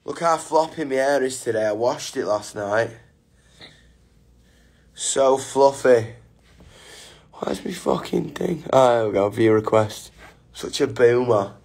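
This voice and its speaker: A young man with a British English accent, hosting a casual livestream chat from a hotel room on his phone, energetic, excitable and sweary. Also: medium pitch, moderate pace.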